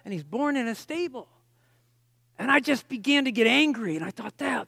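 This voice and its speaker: Very high-voiced man preaching. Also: lively intonation, moderate pace, vocal fry, sharp tone, husky, no echo, clean studio sound. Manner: emotional storytelling, frequent restarts. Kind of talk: personal testimony sermon.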